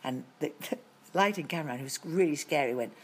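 Middle-aged british actress w a low voice spinning long stories, lots of restarts, faint hiss behind. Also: female voice, quick pace. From Britain. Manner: lively storytelling with frequent restarts. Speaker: actress as guest. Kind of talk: anecdotal interview chat.

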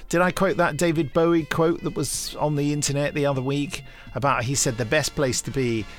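A man co-hosting a podcast, answering listener emails in a relaxed, hesitant way with many ums. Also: fairly high pitch, a little fast, faint music behind. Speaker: podcast co-host and producer. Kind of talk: casual chat.

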